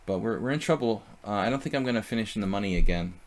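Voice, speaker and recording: A man's voice: on the low side, animated, racing. A man streaming live chess, thinking aloud about his moves and chatting casually with viewers.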